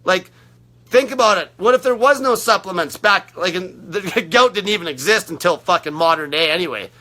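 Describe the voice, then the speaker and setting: A man coaching on fasting in a blunt, aggressive monologue full of constant swearing. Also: high-pitched, sharp tone. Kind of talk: profane ranting monologue.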